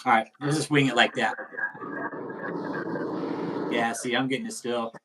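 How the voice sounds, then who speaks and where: A man's voice: mid-range voice, fairly even intonation, a little slow, background noise. A man hosting a live stream, talking in a profane, combative, rambling way. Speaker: stream host. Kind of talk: casual live-stream commentary.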